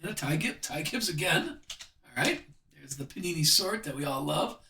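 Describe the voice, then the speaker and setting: A man's voice: a little high, lively intonation, moderate pace, creaky, distant mic, noisy background. A man hosting a live trading card break stream, chatting upbeat as he opens packs and calls out each card. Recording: echoey room, voice a bit off-mic.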